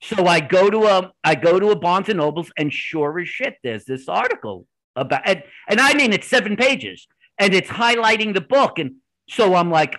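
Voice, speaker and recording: A man being interviewed on a podcast, telling his stories animatedly in quick bursts with restarts. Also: high-pitched, sharp tone, low-quality recording. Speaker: podcast guest. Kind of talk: conversational interview storytelling.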